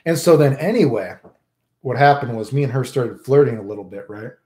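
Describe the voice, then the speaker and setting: A man rambles through a crude personal story, constantly checking in with "right?". His voice sits at an average pitch. The room around him is noticeably echoey. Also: expressive, a little fast, a little mellow. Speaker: storyteller host. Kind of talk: profane casual storytelling. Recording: roomy echo.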